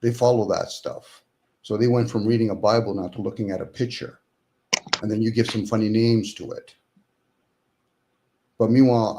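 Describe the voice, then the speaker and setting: A man with a fairly low voice talks casually as a guest. He pushes his points with rhetorical questions and slips into quick impressions of the people he argues with. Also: darkish tone. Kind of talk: casual conversation.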